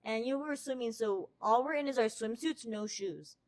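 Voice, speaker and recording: This podcast host is a young adult woman from the U.S. with a darkish voice on the high side and a brisk delivery. She tells her story casually, swearing all the time and acting out what she said.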